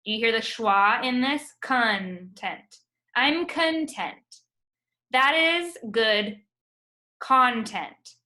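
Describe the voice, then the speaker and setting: A woman with a bright, forward voice teaches a phonics lesson over a video call. She talks at an unhurried pace and stretches each word out patiently so her students can follow along. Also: fairly high pitch. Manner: patient, drawn-out sounding of words.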